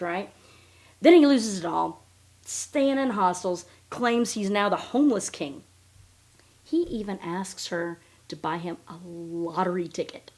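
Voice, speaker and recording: A woman's voice: medium pitch, lively intonation, unhurried, a little mellow. A woman hosting a podcast, recapping in a blunt, profane, sarcastic casual chat. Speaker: podcast host.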